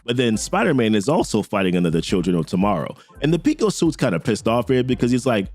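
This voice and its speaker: Lively slangy man recapping comics. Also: mid-range voice, quick pace, few pauses, dry recording, faint music behind. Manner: slangy, conversational, lively delivery. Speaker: comic book recap host. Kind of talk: casual comic recap narration.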